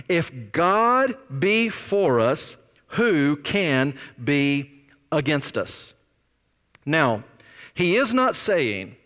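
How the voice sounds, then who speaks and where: A man's voice: a little high, fairly bright tone. Emphatic preacher man in a reverberant hall. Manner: emphatic preaching, drawn-out stresses, drops to near whispers. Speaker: pastor. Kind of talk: sermon. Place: church sanctuary.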